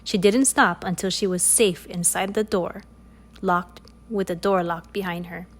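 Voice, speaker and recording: A woman reading a children's story aloud in an expressive, playful way. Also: lowish voice, a little slow.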